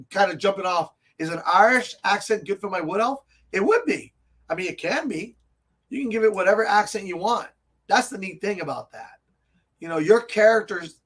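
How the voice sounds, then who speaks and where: A man hosting a casual live tabletop gaming show from a comic and game shop, talking in a rambling, excitable way and laughing often. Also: sits high. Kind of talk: casual live stream chat.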